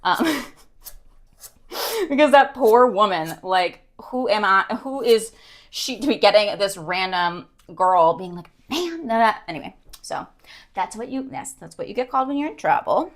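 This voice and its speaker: A woman's voice: mid-range voice, animated, unhurried. A young woman streaming, chatting casually, rambling and giggling with many ums.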